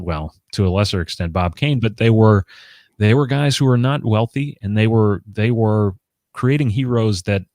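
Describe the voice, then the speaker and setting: A man's voice: on the low side, darkish tone, no room sound, studio quality. A man in his forties hosting a casual conversation about comics, talking in a rambling way with many restarts and fillers. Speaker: host.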